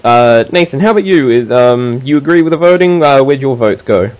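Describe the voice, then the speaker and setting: Man, podcast host, casual chat, enthusiastic, lots of ums and restarts, mid-pitched. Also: lively intonation, fairly quick, low-quality recording. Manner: enthusiastic, many fillers and restarts.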